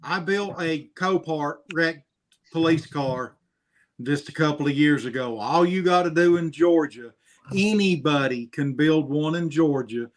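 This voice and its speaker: A man's voice: a little high, unhurried. A middle-aged man in casual chat, telling stories and explaining things in plain, folksy talk.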